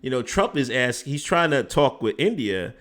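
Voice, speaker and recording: A man's voice: mid-range voice, very animated, moderate pace, a bit bright. A man hosting a casual political commentary stream, rambling off on tangents and restarting his sentences, emphatic and exasperated. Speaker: host.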